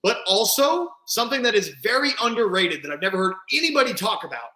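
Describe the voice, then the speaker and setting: A man hosting a podcast speaks emphatically in casual chat, often tossing in a rhetorical "right?". His voice is high and bright. The sound is roomy and echoey. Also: big pitch swings, fast. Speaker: podcast host. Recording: echoey room.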